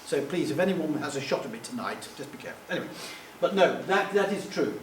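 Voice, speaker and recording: A man's voice: on the high side, animated, fast, background noise. Chatty middle-aged man in an echoey hall. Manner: chatty, self-deprecating, acts out quoted voices. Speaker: public speaker. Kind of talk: anecdotal talk to a live audience. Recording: echoey room, distant mic.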